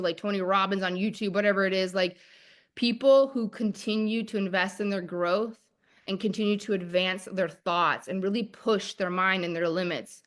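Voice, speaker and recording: A woman in her thirties giving a motivational masterclass as a manifestation coach, talking in an excited, emphatic way and repeating her key phrases. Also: medium pitch.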